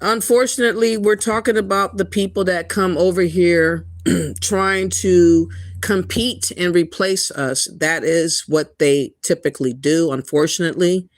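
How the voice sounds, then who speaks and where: A man's voice: high-pitched, steady tone, a little slow, no echo. A man hosting a livestream, reacting to a clip and reading chat in an indignant, ranting way. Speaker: commentary host. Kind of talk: livestream commentary.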